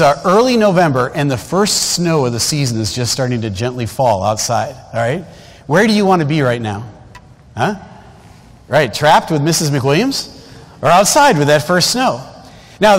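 A man in his fifties preaching a storytelling sermon, folksy and conversational, with frequent asides to the congregation. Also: on the high side. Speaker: guest preacher. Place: large church sanctuary. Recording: long church hall reverb.

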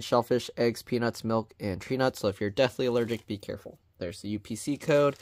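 A man casually reviewing a food product on his vlog, reading the label aloud in a plain, even way with chatty asides. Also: mid-range voice, slight background noise.

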